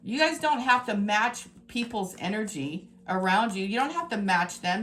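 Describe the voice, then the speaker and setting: A woman giving a tarot reading to her viewers, talking in an emphatic, exasperated way that swings between scolding and excitement. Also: medium pitch, moderate pace. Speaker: tarot reader.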